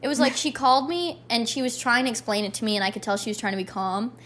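A young woman co-hosting a podcast, talking in an animated, playfully bossy way. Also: on the high side, fast talker. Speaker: podcast co-host. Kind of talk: casual chat.

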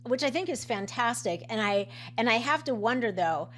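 A woman's voice: on the high side, expressive, normal speed. A woman who works as a coach and nutritionist, talking casually in a conversation, with frequent fillers, restarts and laughs. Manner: chatty, many restarts and fillers, laughs often.

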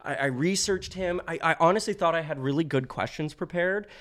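A young man, a podcast guest, telling stories in a casual, animated way and laughing often. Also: fairly high pitch, brisk. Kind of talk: casual storytelling.

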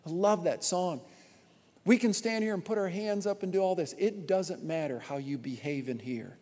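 A man preaching a sermon as pastor from a church stage, animated and repeating his points for emphasis. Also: sits high, moderate pace. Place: church auditorium with long reverb. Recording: long hall reverb.

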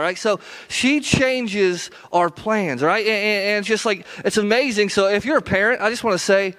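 A man's voice: sits high, moderate pace, hardly any pauses, pushed and bright, clean tone. A man in his thirties, a pastor preaching an earnest, conversational sermon in a church. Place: church sanctuary.

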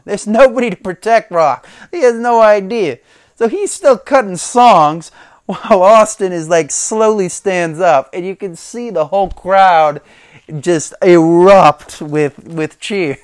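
A man with a high voice hosts a casual solo podcast, retelling a story with frequent chuckles and doing impressions of the people he quotes. The audio is studio quality with no echo.

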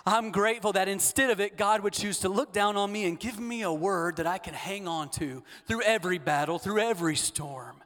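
A man preaching a sermon as pastor, leading the congregation in repeated declarations and swinging from hushed asides to loud, emphatic lines. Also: sits high, brisk, hardly any pauses. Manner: leads call-and-response repetition. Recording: long hall reverb.

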